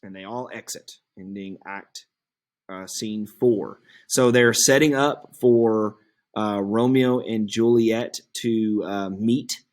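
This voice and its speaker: Male teacher, low voice, slow and halting, lots of uh. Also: fairly even intonation. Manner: slow with frequent uh fillers. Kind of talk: explaining a play to a class.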